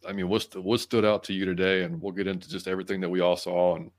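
A man's voice: deep voice, flat delivery, quick pace. A man hosting a sports podcast in casual chat, laid-back and dropping lots of "man" and "dude". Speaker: podcast host.

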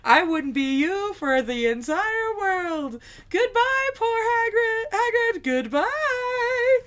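A woman voicing a pompous old male court wizard with a high, drawn-out, gloating delivery. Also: lively intonation, fairly bright tone, full character voice.

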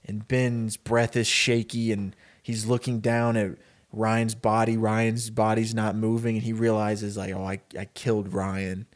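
A man co-hosting a podcast, telling a story in a loose, rambling, animated way with many fillers. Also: lowish voice, a little slow. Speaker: podcast co-host. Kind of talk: casual storytelling pitch.

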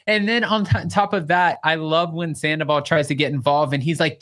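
A man hosting a casual recap chat, lively, acting out quotes and swearing freely. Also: fairly high pitch, a little fast, few pauses. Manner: animated, acts out quotes, swears. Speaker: podcast host.

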